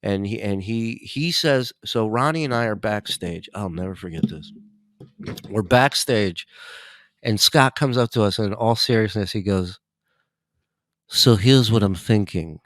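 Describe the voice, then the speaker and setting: Casting: male podcast guest, animated raunchy storyteller, dead-dry studio sound. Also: on the low side, moderate pace, no room sound. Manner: animated, profane, laughs while telling stories. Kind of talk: casual storytelling.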